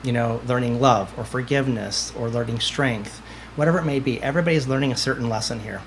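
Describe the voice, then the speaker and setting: A man's voice: medium pitch, fast talker, slight background noise. A man, a medium guest on a podcast, answering in a confident, emphatic storytelling way and often repeating phrases for emphasis. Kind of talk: conversational interview answers.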